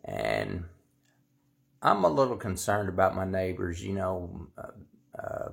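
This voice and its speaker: A man's voice: low-pitched, huge pitch swings, slow pace, creaky. A man telling a rambling story in a casual, drawling way, full of fillers. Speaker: storyteller, shop owner.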